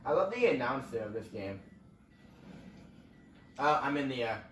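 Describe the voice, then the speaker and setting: With big pitch swings in a mid-range, slightly bright voice at normal speed, a young channel host rambles casually through a racing game, reacting as things unfold. The mic is roomy and distant, with faint ambience and slight background noise.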